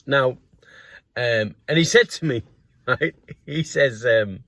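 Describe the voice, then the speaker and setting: A man's voice: medium pitch, takes it slowly, pauses often, no room sound. A middle-aged man casually telling a personal story to camera, acting out the voices of the people in it. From North East England. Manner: animated anecdote with acted quotes and laughs. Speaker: grass cutting business owner and vlogger.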